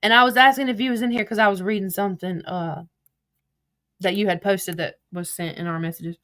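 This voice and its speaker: A woman's voice: mid-range voice, fairly even intonation, brisk, fairly bright tone. A woman casually retelling a text conversation, reading each message aloud as "I said, she said" and swearing freely. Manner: swears freely, blunt and exasperated. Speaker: vlogger retelling online drama.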